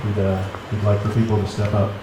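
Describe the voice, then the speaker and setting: A man's voice: fairly low pitch, completely flat delivery, fast talker. Hesitant man giving an informal eulogy. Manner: hesitant, many "uh" fillers, dry humor. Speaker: memorial speaker. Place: outdoor gazebo. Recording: echoey, distant, noisy.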